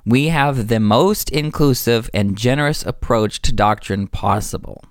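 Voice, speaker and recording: A man's voice: on the low side, dry recording, studio quality. A man talking earnestly and with enthusiasm about faith, explaining ideas and correcting himself as he goes. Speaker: religious discussion speaker. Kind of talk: earnest religious discussion.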